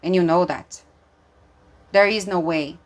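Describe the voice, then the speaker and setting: Speaking a little slowly in a lowish voice, a woman reads tarot intuitively. Emotion and being moved come through as she talks earnestly and emphatically, often using fillers and starting over.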